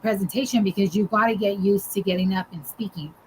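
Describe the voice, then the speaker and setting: A woman's voice: mid-range voice, quick pace, a little mellow, a little hiss or hum, rough recording. A woman co-hosting a podcast, telling a story in casual chat, full of "like" and "dude" and laughing as she goes. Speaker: podcast co-host.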